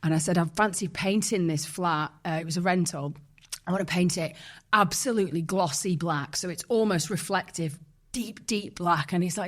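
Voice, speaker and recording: Brief: woman, podcast guest, lowish voice, candid and chatty. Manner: chatty and candid, quoting others in quick asides. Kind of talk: casual chat.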